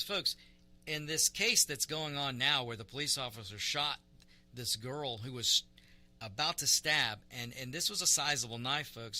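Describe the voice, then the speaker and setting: A male talk radio host speaks emphatically and often stumbles over repeated words. His voice is mid-pitched with a very bright, sharp edge. He talks straight at his listeners in a commentary style.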